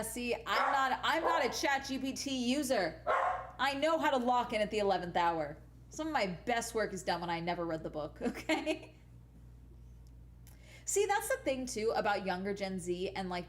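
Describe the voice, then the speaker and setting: Rambling, profane young woman streamer. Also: medium pitch. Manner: rambling and profane, full of "like" and "you know"; laughs often mid-sentence. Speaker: streamer and teacher. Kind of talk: casual chat.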